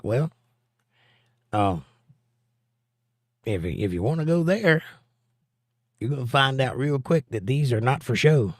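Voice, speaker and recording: A man's voice: mid-range voice, lively intonation, takes it slowly, long pauses, no echo, studio quality. A man hosting a casual livestream, reading viewer comments aloud in a folksy, drawling way. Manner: laid-back, folksy, drawling. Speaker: livestream host.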